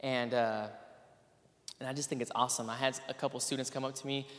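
A man's voice: mid-range voice, flat delivery, brisk, a bit bright. Earnest man speaking in a reverberant hall. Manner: casual and earnest, many fillers and restarts. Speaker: PE teacher. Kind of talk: spoken testimony to an audience.

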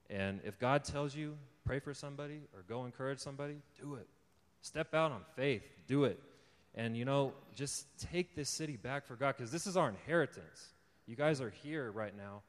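A man's voice: mid-range voice, moderate pace. A young man giving an informal sermon testimony to a live audience. He tells his story conversationally, laughs often, and builds to fervent encouragement. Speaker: lay preacher giving a testimony. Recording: long hall reverb.

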